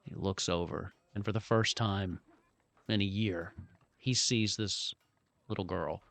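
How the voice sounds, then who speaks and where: A man's voice: low-pitched, measured pace, creaky. A man narrating a tabletop game as game master, describing scenes in a loose, rambling way. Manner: relaxed, rambling descriptions with fillers.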